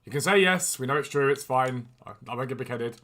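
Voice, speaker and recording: Fast-talking bright-voiced streamer man. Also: mid-range voice. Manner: quick, chatty and enthusiastic, jumping between topics and chat questions. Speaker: gaming streamer and video host. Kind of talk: casual livestream chat while trading in a football game. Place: room at home with a door.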